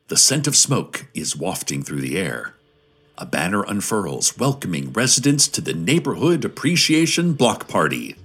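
A man delivering scripted radio news narration in a calm, deadpan manner. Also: low voice, husky.

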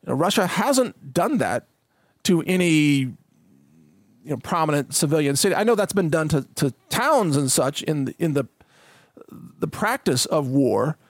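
A man's voice: on the high side, big pitch swings, normal speed, no room sound, studio quality. A man giving solo political commentary, reading out quotes and paraphrasing them in an emphatic, conversational way with frequent fillers.

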